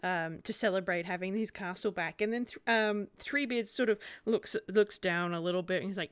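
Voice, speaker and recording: A woman narrating a tabletop game as game master in a playful, chatty way, often pausing with fillers. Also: medium pitch, smooth.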